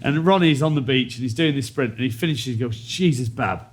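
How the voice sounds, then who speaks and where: A man's voice: mid-range voice, fast talker. A man in his forties, a former rugby player on a panel, telling anecdotes in casual chat and laughing often. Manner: storytelling, laughing often, imitating teammates.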